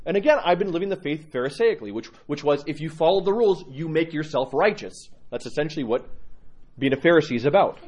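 A middle-aged man, an Orthodox priest, telling candid personal stories with laughs and halting restarts. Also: high voice, animated, breathy edge, highs cut off. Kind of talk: personal storytelling talk.

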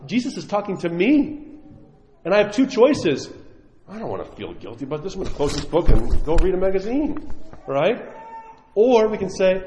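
Animated male preacher in an echoey hall. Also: a little high. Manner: animated storytelling, acting out quoted voices. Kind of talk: sermon. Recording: echoey hall, dull lo-fi sound.

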